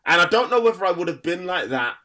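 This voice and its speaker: A man's voice: sits high, very animated, fast, bright, forceful tone. A man with a Black Country accent, a stand-up comedian chatting casually on a podcast, rambling with frequent restarts and laughter. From Black Country, England.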